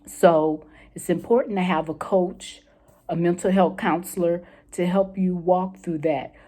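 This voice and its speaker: A woman's voice: fairly low pitch, a little slow, dark tone. A woman coaching listeners through a self-help lesson, encouraging and repetitive, often checking in with "okay?". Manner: encouraging, repeats key points, checks in with "okay". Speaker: mental health coach.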